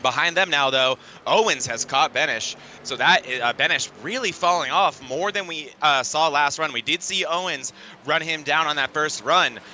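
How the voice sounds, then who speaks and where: A man calling a sim racing broadcast in play-by-play, with energetic, excitable calls. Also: on the high side, moderate pace, a little hiss or hum. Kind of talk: play-by-play commentary.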